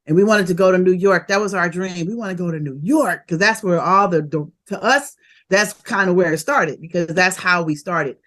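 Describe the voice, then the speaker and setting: A woman, a rapper telling stories of her early career in a casual interview, animated and quick to laugh. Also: lowish voice. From Oakland, California. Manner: animated and laughing, fast bursts of memories.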